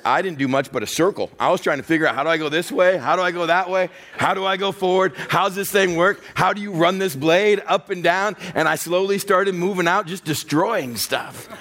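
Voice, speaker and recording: Animated pastor telling a story. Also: male voice, fairly high pitch. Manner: animated storytelling, acting out voices of others. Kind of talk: sermon with personal story.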